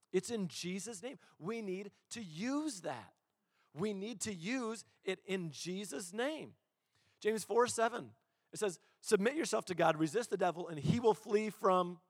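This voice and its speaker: A man preaching a sermon as a pastor, telling stories in an animated way and acting out the quotes. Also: high voice, dry recording, clean studio sound, big-room sound. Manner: animated storytelling, acts out quotes.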